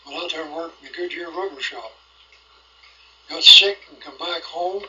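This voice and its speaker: A man's voice: a little high, moderate pace, bright, forceful tone. An older man telling rambling stories from his own life in plain rural speech, recorded at home. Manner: rambling folksy storytelling with rural grammar. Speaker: storyteller. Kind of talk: recorded oral history. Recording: lo-fi 1980s home cassette.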